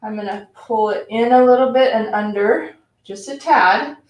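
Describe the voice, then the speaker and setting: A woman teaching a live-streamed yoga class, giving slow, calm cues between audible sighs and sounding a little out of breath as she demonstrates. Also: a little high. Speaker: yoga instructor. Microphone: camera mic at a distance. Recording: echoey room, voice from far off.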